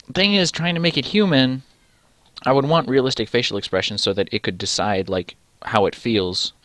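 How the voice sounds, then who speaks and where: A young man with a low voice reads a text adventure game aloud, stopping mid-line to weigh each choice with rambling, self-interrupting commentary. He swears casually. The sound is dry and close, as from a desk mic. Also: fairly bright tone, no echo. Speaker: let's-play host.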